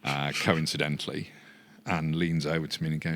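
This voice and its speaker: An older man from Yorkshire, a business founder telling relaxed anecdotes with many fillers. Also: rumbling low, a little fast. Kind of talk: anecdotal chat.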